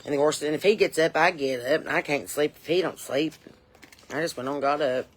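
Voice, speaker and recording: Sitting low and running a little fast, a woman's voice carries an improvised monologue as a folksy, nosy middle-aged Southern mom. The comedy character host, in her forties, rambles with a drawl on an outdoor porch.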